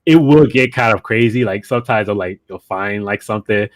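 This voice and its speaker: A man's voice: on the low side, brisk, no room sound. A young man on a podcast, casually telling a rambling anecdote with lots of fillers and restarts. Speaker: podcast co-host. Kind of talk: casual chat.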